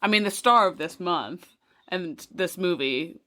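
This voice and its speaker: A woman co-hosting a podcast in casual chat, relaxed and affirming, laughing easily. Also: on the low side, unhurried. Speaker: podcast co-host.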